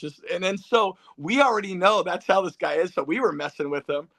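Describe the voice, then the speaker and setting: Male podcast host, animated storyteller, slightly high voice, addresses listeners. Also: fairly quick, few pauses. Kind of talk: casual reminiscing interview.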